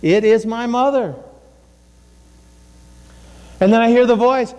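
Speaking in a high, expressive voice with a darkish tone, this middle-aged pastor takes his time and pauses often. His sermon in the church sanctuary is conversational, full of repeated words and acted-out quotes from others, all wrapped in long hall reverb.

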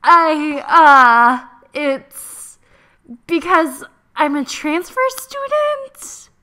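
A woman's voice: high-pitched, very slow, bright, forceful tone, exaggerated voice. A woman doing a flustered shy schoolgirl. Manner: hesitant, stumbling.

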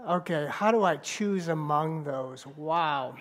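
A man preaching a sermon as pastor, bantering with the congregation and telling a story with halting restarts. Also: a little high, fairly bright tone, slight background noise. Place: church sanctuary.

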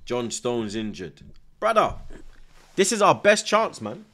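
A man's voice: medium pitch, big pitch swings, unhurried, pushed and bright. A young man, chatting casually on a live football stream, reading out viewer comments, nervous but hyped. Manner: slangy, repeats himself, reads out chat, nervous yet hyped.

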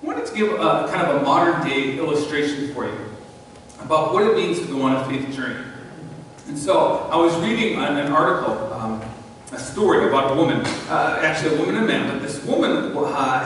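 A male pastor preaching a sermon in a church, telling a story and swinging between hushed and loud. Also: fairly high pitch, expressive, brisk. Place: large church sanctuary. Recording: distant mic, long church reverb, faint noise.

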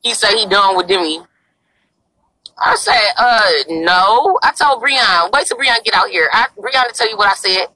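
A woman's voice: medium pitch, lively intonation, unhurried, sharp tone, no room sound, poor audio. A young woman livestreaming outdoors in a parking lot on her phone, talking in a brash, crude and pleading way. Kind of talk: casual live-stream chat.

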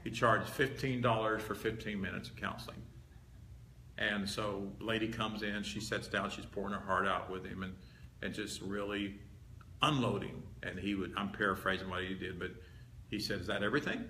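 A man's voice: on the low side, flat delivery, normal speed, bright, forceful tone. Guy preaching to a room, punchy and talky, keeps repeating stuff, bit of hiss, echoey. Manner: conversational, emphatic, repeats key words. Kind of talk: teaching sermon. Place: meeting hall with a live audience. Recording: roomy hall echo, faint background hiss.

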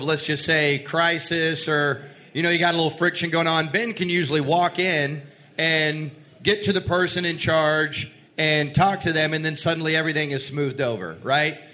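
A Texan radio co-host trades dry, sarcastic quips during a live retelling. His voice is bright and crisp and sits a little high. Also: steady tone, moderate pace. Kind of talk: live storytelling banter.

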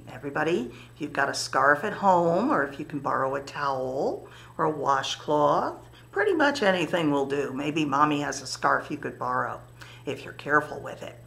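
A woman leading a story time for toddlers in a library story room, speaking gently and encouragingly to little children and their parents. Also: low-pitched, big pitch swings, normal speed, gravelly.

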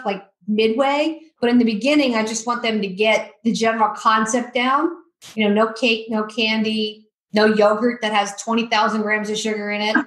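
A woman guest telling lively stories in a podcast interview, acting out the quotes. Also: fairly high pitch, echoey room, poor audio. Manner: lively storyteller, acts out quotes. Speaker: guest, addiction coach.

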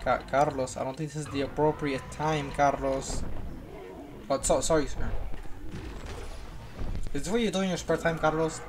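Excitable gamer teasing a buddy. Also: medium pitch, moderate pace, pauses often, noisy background. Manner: playful, excitable, teasing a friend. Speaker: gamer narrating gameplay. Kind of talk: casual gameplay commentary.

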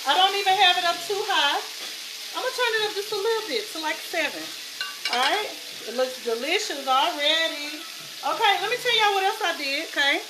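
A woman with a Southern US accent chatting excitedly to viewers while she cooks in her home kitchen. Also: very high-pitched, brisk. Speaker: home cooking vlogger. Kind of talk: casual cooking chat to viewers. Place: home kitchen with food sizzling. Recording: noisy kitchen background.

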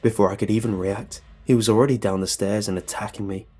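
A man's voice: on the low side, fairly even intonation, fast talker, background noise. A man narrating a comedic horror story in the first person, with dry comic asides. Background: faint music.

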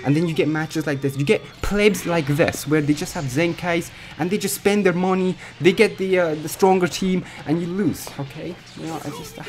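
A young man giving rambling, excitable commentary over his own gameplay as a gaming YouTuber, swinging between muttering and yelling. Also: fairly high pitch, normal speed, few pauses, soft background music.

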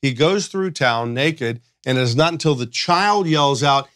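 A man talks through ideas as a counselor in a podcast discussion, lively and animated, and slips into quick impressions of the people he describes. His voice sits at an ordinary middle pitch. The sound is close and dry, with no room around it. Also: no room sound. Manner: animated, acts out quoted voices.

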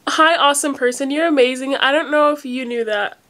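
A woman's voice: high voice, fairly quick, sharp tone. A young woman vlogging casually on her phone, rambling with lots of fillers and sounding emotional and close to tears. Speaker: vlogger opening fan mail. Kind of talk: casual unedited phone vlog.

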